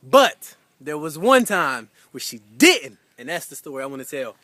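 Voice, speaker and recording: A young man talks straight to his wife in a loose, chatty way, piling up fillers as he retells a story with growing excitement. His voice sits high and bright. The sound is close and dry, with no room echo. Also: normal speed. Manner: casual, filler-heavy, animated retelling. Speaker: husband giving an anniversary message. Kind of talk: heartfelt personal storytelling.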